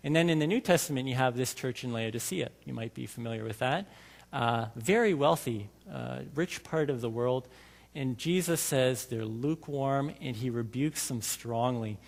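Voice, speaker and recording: A man delivers a sermon in a relaxed, conversational manner and keeps turning to the congregation with questions. His voice sits in an ordinary middle pitch. The recording carries a long church reverb. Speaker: lay preacher. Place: church sanctuary.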